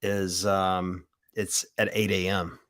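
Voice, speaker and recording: A man's voice: low voice, flat delivery, takes it slowly, fairly bright tone. A man co-hosting a podcast, chatting casually and poking fun at himself. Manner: chatty, self-deprecating. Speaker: podcast co-host. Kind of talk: casual chat.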